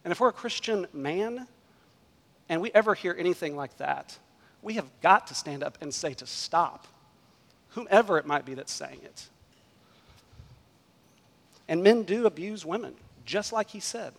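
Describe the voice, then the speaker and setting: A man delivers a sermon from the pulpit in a slightly raised voice. He preaches emphatically, pushing some phrases loud and letting others fall quiet. His voice rings with the long reverb of a large hall. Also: high-pitched, animated, unhurried, gravelly, pauses often. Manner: emphatic preaching, rising and dropping in volume. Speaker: pastor.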